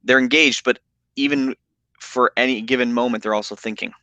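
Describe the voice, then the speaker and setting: A man's voice: mid-range voice, fairly even intonation, a little fast, pushed and bright, clean tone, no echo, highs cut off. A man hosting a casual interview, speaking in an easygoing way with affirming interjections. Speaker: host. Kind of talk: casual chat.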